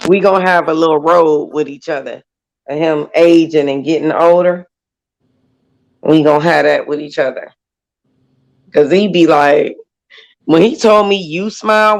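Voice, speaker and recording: Brief: woman in her 40s, panel chat, lively storyteller who acts out quotes. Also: fairly low pitch, low-quality recording. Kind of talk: casual group chat.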